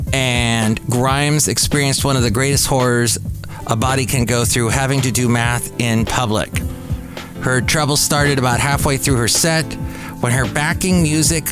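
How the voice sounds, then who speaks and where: Rambling man in his fifties hosting a podcast. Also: mid-range voice. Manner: rambling, self-deprecating asides. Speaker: podcast host. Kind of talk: casual solo podcast chat. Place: café. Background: faint background music.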